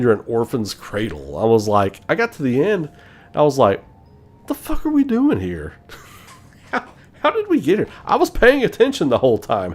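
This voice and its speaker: A man chatting on his own gaming channel in a relaxed, opinionated way. His voice sits a little low, and he leans on profanity and laughter. Faint music plays underneath. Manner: animated, profane, laughing often. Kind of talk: casual live-stream chat.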